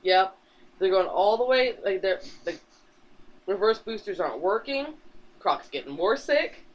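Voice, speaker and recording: A high-pitched man rambles through a casual podcast recap, swearing freely and tossing off quick character voices along the way. The recording sounds dull and lo-fi, with the top end rolled off. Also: lively intonation. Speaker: podcast co-host. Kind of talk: casual chat, recapping a comic.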